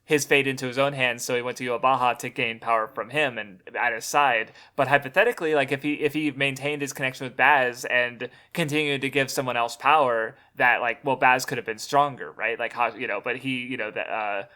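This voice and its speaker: A male guest in a casual discussion, talking haltingly with many fillers and restarts. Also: medium pitch, steady tone, sharp tone.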